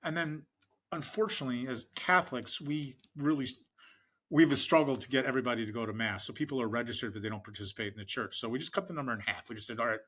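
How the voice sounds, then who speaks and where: A middle-aged American man with a bright, forward voice tells rambling stories in a podcast interview. He fills his speech with ums and restarts and slips into the voices of the people he quotes. His pitch sits at an ordinary level for a man. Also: quick pace, breathy edge. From United States. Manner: rambling anecdotes, frequent fillers and restarts, acts out quoted people. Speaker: fundraising expert guest. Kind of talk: conversational storytelling in a podcast interview.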